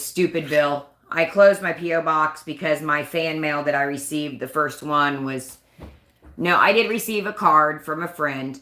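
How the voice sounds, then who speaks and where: A woman's voice: low voice, bright, forceful tone, reverberant. A woman hosting a casual live stream, chatting and rambling in a self-conscious way. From United States. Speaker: livestream host.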